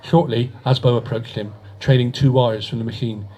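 A man reading a science fiction story aloud at a fiction reading event, in a measured, steady manner. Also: mid-range voice, slightly rough. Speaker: story reader.

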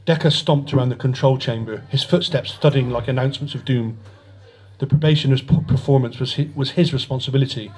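A man reading a sci-fi story aloud in a steady narrating voice, with occasional slips. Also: medium pitch, husky. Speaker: reader. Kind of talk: audiobook narration.

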